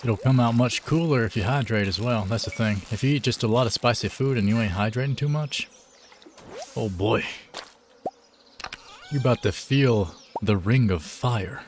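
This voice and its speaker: A man's voice: mid-range voice, moderate pace, slight background noise. A man chatting casually on a live game stream, laid-back and joking, full of slang.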